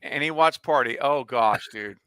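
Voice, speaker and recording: A man's voice: mid-range voice, moderate pace, smooth, dry recording. A man in his forties on a casual livestream, telling a funny childhood story with lots of laughter. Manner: animated storyteller, laughs often. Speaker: co-host.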